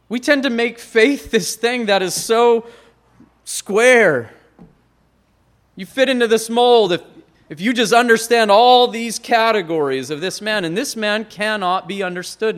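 Man, preacher, sermon, high-pitched voice, emphatic rises and quiet drops. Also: animated, a little slow. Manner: emphatic, swings between loud stresses and quiet low phrases.

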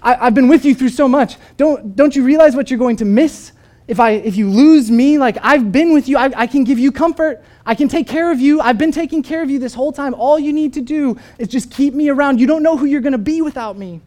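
A man's voice: very high voice, brisk, mellow, voice pushed up. A man voicing a clingy lizard that stands for lust, coaxing and stammering as it pleads in a sermon story. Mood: pleading.

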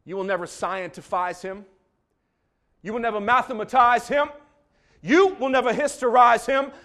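A man doing an impression of a fiery male preacher from Alabama, with a Southern accent and a booming, drawn-out preaching cadence. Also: a bit bright. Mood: thundering.

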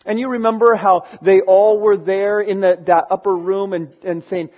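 A man's voice: high-pitched, steady tone, moderate pace, hardly any pauses, muffled recording. A man preaching a sermon in a conversational storytelling way, acting out the people he talks about. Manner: conversational storytelling with acted quotes.

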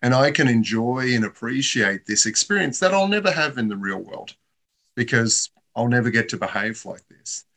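A man's voice: mid-range voice, animated, normal speed, creaky, pushed and bright. A man in reflective casual conversation, talking in a thoughtful, musing way.

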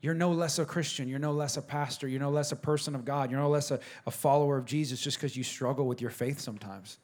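A man's voice: mid-range voice, steady tone, fast, a little mellow. A man who is a pastor, preaching a casual, joking sermon and talking straight to the congregation. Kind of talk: conversational sermon.

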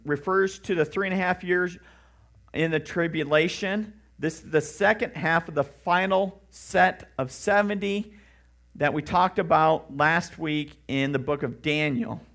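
Male pastor, mid-high voice, earnest conversational sermon delivery, emphatic questions. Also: a little slow, fairly bright tone.

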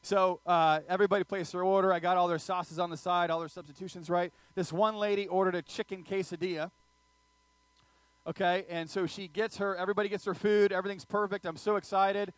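Male pastor, bright high voice, playful sermon storyteller. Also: a little fast, no room sound. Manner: animated, joking, audience asides.

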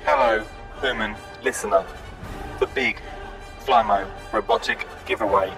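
A man doing a low gravelly robot announcer. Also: measured pace. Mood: announcing. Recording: distant voice over loud music.

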